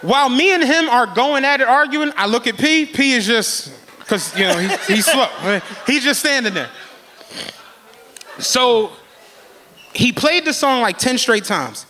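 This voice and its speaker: A man hosting a podcast live on stage, telling a story with animated energy and plenty of swearing, often laughing as he talks. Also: very high voice, unhurried, a little hiss or hum.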